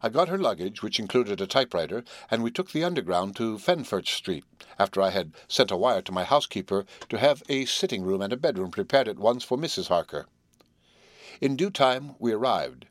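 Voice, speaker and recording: A man's voice: on the low side, lively intonation, brisk, dry recording. Man reading a classic novel aloud. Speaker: audiobook narrator. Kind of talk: scripted narration.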